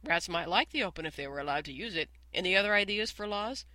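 Stuart Little, a man voicing a bright, earnest mouse. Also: high voice, expressive, no echo, full character voice. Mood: brisk. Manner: brisk, cheerful, grown-up authority. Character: small, polite, earnest mouse substitute teacher, male.

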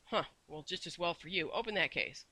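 A man voicing a tiny, ancient woman shopkeeper with a shrill, high little voice who swings between fierce softness and sweet coaxing, in a storybook reading. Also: a little fast. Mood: menacing.

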